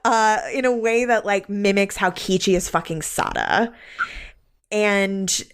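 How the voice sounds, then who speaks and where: Woman, podcast host, casual film talk, frequent laughter, slow delivery. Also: mid-range voice, clean tone. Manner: laughs often while recapping, relaxed drawn-out phrasing.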